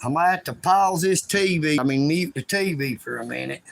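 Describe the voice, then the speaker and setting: A man rambling loudly and emphatically on a livestream from his bedroom. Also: on the high side, normal speed, creaky, noisy background. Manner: loud, emphatic, self-promoting.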